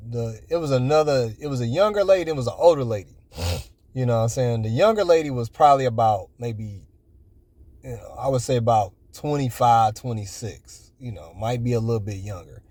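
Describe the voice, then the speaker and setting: A man's voice: medium pitch, darkish tone, no echo. Rambling man in his forties. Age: 40s. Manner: rambling, full of "you know" fillers. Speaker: vlogger. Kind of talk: casual storytelling.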